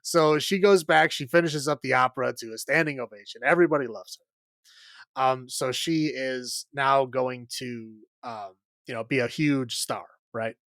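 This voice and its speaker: Casual male podcast host, mid-pitched, chatty and meandering with plenty of "um" and "like", recorded dry and close. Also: moderate pace, a bit bright, no echo. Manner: rambling, filler-heavy, laughs often. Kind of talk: casual chat recapping a film.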